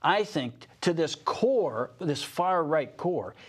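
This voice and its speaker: A man's voice: on the high side, expressive, breathy edge. An older man co-hosting a radio talk show, arguing politics in an emphatic, mocking way and often cutting in. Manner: emphatic, mocking, quick to interrupt. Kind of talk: opinionated political banter.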